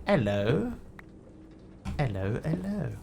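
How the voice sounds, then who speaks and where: A man's voice: medium pitch, very animated, takes it slowly, vocal fry, darkish tone, a little hiss or hum. A man streaming a game, chatting playfully with viewers and cracking jokes as he plays. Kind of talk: casual gameplay commentary.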